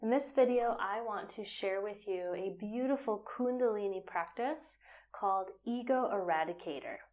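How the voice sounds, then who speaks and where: A woman guiding a yoga and breathing practice at an unhurried, explanatory pace. Her voice sits in an ordinary middle range, and now and then it drops to a breathy whisper. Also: mid-range voice, darkish tone. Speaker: yoga teacher. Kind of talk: guided yoga instruction.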